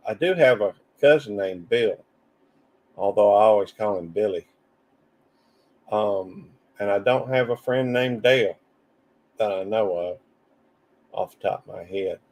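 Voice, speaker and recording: A man with a Southern drawl chats casually to his live stream audience. His voice sits low with a gravelly fry to it. He wanders between thoughts and breaks off to greet viewers from the chat. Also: a little mellow. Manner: rambling, drawling, reads chat comments aloud.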